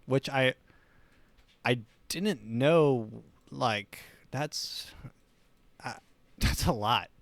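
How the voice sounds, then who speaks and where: A man's voice: mid-range voice, dry recording. A man hosting a casual solo talk show, rambling with many restarts. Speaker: host.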